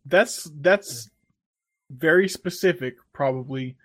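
A man's voice: a little high, takes it slowly, fairly bright tone, dry recording. A man in a casual podcast chat, dropping dry, wry remarks.

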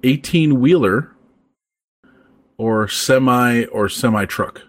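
A man hosting a casual podcast chat, talking in a relaxed, rambling way with plenty of fillers. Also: mid-range voice, slow pace, dry recording. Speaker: podcast host.

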